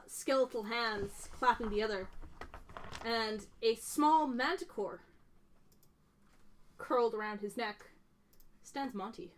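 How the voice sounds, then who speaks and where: A young woman narrating as dungeon master in a casual, rambling way, full of fillers. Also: on the high side. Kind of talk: narrating a tabletop game.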